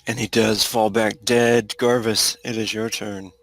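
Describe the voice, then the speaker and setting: A man running a tabletop game, relaxed, explaining rules and outcomes to his players. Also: fairly low pitch, a little slow. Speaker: game master.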